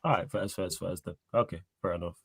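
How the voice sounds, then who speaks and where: A man on a football podcast chiming in with quick, teasing interjections. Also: low voice, creaky, breathy edge, no echo, clean studio sound. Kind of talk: casual chat.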